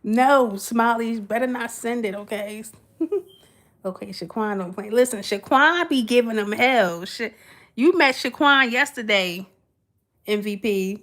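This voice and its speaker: A woman's voice: a little high, measured pace, fairly bright tone. Giggly woman chatting on a livestream. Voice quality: sweet voice. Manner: giggly, chatty, talks back to chat. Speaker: livestream host. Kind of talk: casual livestream chat.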